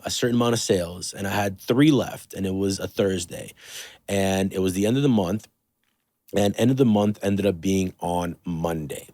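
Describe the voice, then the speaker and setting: A man's voice: low-pitched, a little mellow, dry recording. A young man from the Toronto area hosting a podcast, telling stories in a loose, casual way, swearing and using lots of fillers. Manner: loose and profane, with many fillers. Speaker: podcast host. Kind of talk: casual storytelling chat.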